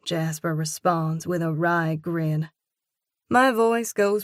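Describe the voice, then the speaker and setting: A woman narrating a romance audiobook in the first person, with a measured, expressive reading. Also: low voice, no echo, clean studio sound.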